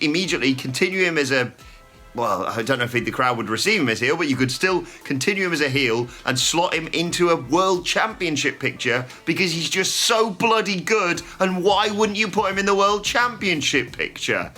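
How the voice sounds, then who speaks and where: Guy hosting a news chat, bright voice, opinionated, swears a bit. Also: fairly high pitch, animated, a little fast, soft background music. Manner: chatty, opinionated, with mild swearing. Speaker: wrestling news host.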